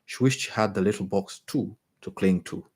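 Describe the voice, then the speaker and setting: Man, deep voice, husky, measured story reading, occasional restarts. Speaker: reader. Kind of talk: reading a short story aloud.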